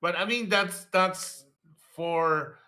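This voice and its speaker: A man co-hosting a casual stream chat, with a nasal voice and halting speech full of restarts. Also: pushed and bright. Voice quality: nasal, low voice.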